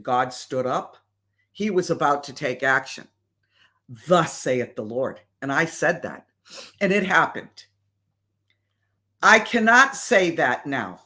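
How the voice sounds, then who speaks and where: A woman hosting a live stream and answering viewer questions in a casual, deliberate way with many fillers. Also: on the low side, sharp tone.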